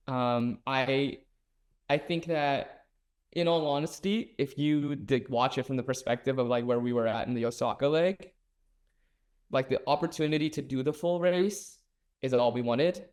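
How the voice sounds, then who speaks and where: A man's voice: mid-range voice, moderate pace. A young man being interviewed as a runner-up contestant, upbeat and playful. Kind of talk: casual interview chat.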